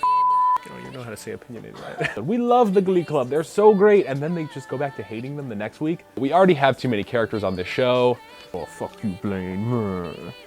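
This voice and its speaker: Young male vlog host, mid-pitched, lively and sarcastic, ranting review delivery. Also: fairly quick, soft background music.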